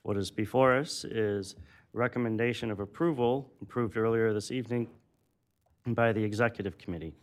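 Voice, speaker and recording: A man's voice: on the low side, normal speed. Man chairing a county board meeting.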